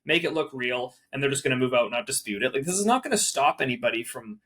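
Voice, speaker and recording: A man speaking as a guest property manager in a casual interview, animated and peppering his talk with "like" in rapid bursts. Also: medium pitch.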